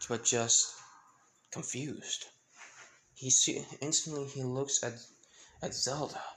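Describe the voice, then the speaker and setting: A man's voice: mid-range voice, a bit bright, a little hiss or hum, poor audio. A man casually retelling a fan-made crossover story, rambling with many fillers and restarts. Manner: rambling, full of "pretty much" and "like", frequent restarts.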